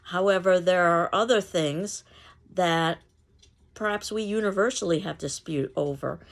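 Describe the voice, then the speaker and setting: A woman from New York City with a New York accent, lecturing on speech delivery. Her voice sits fairly low with a gravelly edge. She explains steadily and clearly, with the odd "um". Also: measured pace. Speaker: public speaking instructor. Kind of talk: recorded online lecture.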